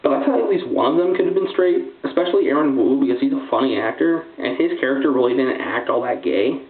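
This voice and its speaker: A man's voice: medium pitch, animated, fast. A man giving a casual, rambling movie review, full of "like" and "um". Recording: tinny lo-fi sound in an echoey room.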